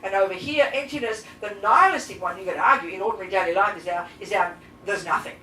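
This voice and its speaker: A woman teaching as a Buddhist nun to a live class, blunt and lively, firing rhetorical questions at her listeners. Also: mid-range voice, fast talker. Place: teaching room with audience. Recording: roomy echo, distant mic, faint hiss.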